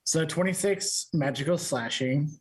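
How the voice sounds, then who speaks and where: A man's voice: fairly high pitch, breathy edge. A man playing a tabletop game, thinking aloud as he describes attacks and adds up his dice. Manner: slow, thinking aloud while tallying rolls. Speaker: player.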